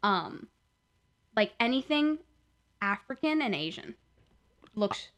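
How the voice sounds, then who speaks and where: A woman's voice: medium pitch, sing-song, takes it slowly, fairly bright tone, lo-fi sound. A woman from the Midwest co-hosting a podcast, chatting and teasing with lots of "like". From Midwest US, Milwaukee. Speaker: podcast co-host. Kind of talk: casual podcast chat.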